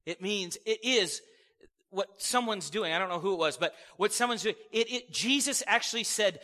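A man preaching a sermon to a congregation, energetic and joking, acting out quoted voices. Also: high voice, moderate pace, big-room sound.

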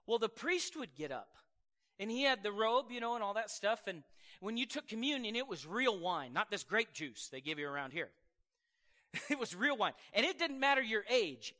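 A man preaching a sermon as pastor, telling stories in a chatty way with laughing asides. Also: very high voice. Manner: conversational, laughing asides, animated storytelling. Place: church sanctuary. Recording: reverberant church hall.

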